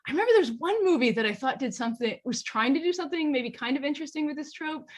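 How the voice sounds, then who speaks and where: A woman's voice: high-pitched, lively intonation, fast. A woman archaeologist and classics professor, a podcast guest, giving articulate, lecture-like explanations with wry asides. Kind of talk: podcast interview.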